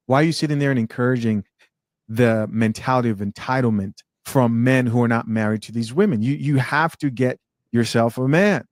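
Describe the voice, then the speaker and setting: A man's voice: medium pitch, normal speed, dry recording. Man, commentator, pointed, lecturing, dry sound.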